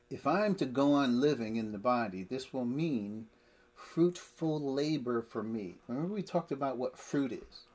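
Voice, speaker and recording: A man leads a Bible study with a husky, slightly breathy voice. He speaks emphatically, reading verses and explaining them with everyday examples. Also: medium pitch, a little mellow. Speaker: Bible teacher.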